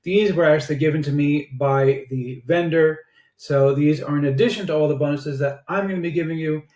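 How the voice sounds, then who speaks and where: A man with a slightly high voice talks through a software review in a chatty sales-pitch manner. He often stops on filler "uh"s as he talks. The recording is roomy and echoey. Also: brisk. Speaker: online marketer reviewing software. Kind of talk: casual product review screencast. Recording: roomy echo.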